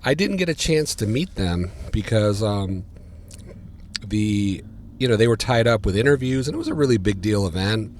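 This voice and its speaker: A man, a podcast guest telling stories in casual chat, getting louder and higher as he relives them. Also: normal speed, a little hiss or hum. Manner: animated, gets louder and higher when retelling. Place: diner.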